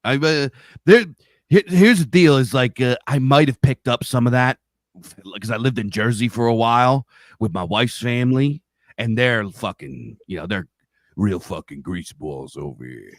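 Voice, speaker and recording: A middle-aged man with a Pennsylvania accent rambles through his stories and swears freely. His voice sits at an everyday pitch. The mic sound is close and dry, with no room around it. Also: normal speed, no room sound. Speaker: podcast host. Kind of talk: casual chat. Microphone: studio mic on a live stream.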